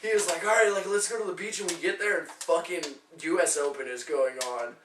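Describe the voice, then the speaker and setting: A man's voice: fairly high pitch, a little fast, background noise. A young man co-hosting a casual podcast, telling rambling, profane stories and acting out the people in them. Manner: profane, animated storyteller acting out quotes. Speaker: podcast co-host. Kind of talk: casual chat, storytelling. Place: room shared on a couch. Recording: echoey room, far from the mic.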